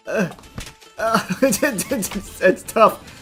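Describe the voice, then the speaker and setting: A man giving excited gameplay commentary, shouting, swearing and laughing in sudden outbursts. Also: on the high side, unhurried, pauses often, soft background music. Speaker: gaming commentator.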